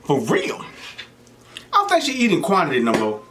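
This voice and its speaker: A young man talks casually to his viewers between bites, and his pitch leaps and falls as he tells stories. He keeps slipping into quick impressions of the people he quotes. A faint hiss of room noise sits under his close-miked voice. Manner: animated storytelling, mimics voices of people he quotes. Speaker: mukbang host. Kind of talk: casual chat while eating.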